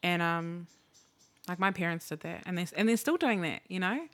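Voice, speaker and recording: A woman, chatting casually as a podcast co-host. Her voice sits a little low for a woman. She talks candidly, swears freely and acts out the lines of people in her stories. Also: expressive, moderate pace, a bit bright. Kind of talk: casual chat.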